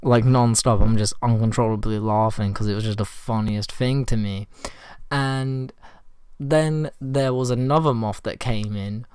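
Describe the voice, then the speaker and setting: A man with a hoarse voice from a cold, telling a story to his viewers in a casual, rambling way with lots of fillers. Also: medium pitch, fairly even intonation, unhurried, a little mellow, no echo. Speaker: vlogger.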